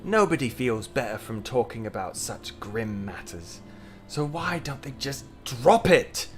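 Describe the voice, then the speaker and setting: A man's voice: mid-range voice, big pitch swings, measured pace, soft background music. A man voicing a grumpy villager fed up with war talk, in a put-on accent, reading game dialogue aloud. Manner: put-on accent, grumbling and exasperated.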